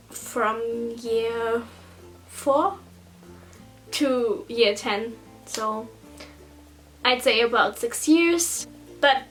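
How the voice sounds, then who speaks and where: A teenage girl from Germany talks in English with a German accent, unhurried and a little high-pitched. She is hesitant and self-conscious, restarting sentences as she answers viewer questions in a casual vlog, with faint music underneath. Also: low-quality recording. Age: teens. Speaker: vlogger.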